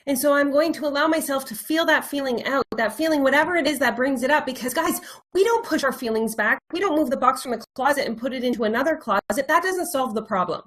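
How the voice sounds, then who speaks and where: A woman life coach giving an earnest motivational talk to viewers, stressing points by repeating words and now and then dropping to a slow, soft reflective tone. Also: high voice.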